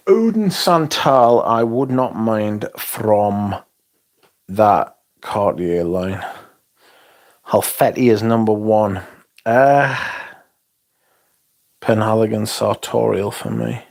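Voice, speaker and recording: A man's voice: on the low side, takes it slowly, creaky, long pauses. A man from England, chatting casually on a livestream, reading out comments with blunt, sweary, dry humour. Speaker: livestream host reviewing fragrances.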